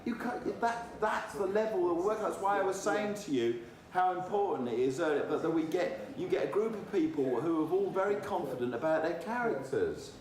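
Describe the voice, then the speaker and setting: A man's voice: sits high, expressive, normal speed, hardly any pauses, darkish tone. Firm, exasperated man in an echoey room. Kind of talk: casual argument. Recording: echoey room from far off, noisy.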